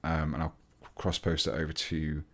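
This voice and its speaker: An English man with a very low voice chats through a livestream at his workbench. He rambles easily as he works, breaking off to greet viewers and answer their comments. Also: monotone, moderate pace, fairly bright tone. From England. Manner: chatty, rambling, reads chat aloud mid-task. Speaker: hobby livestream host. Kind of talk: casual livestream chat while building models.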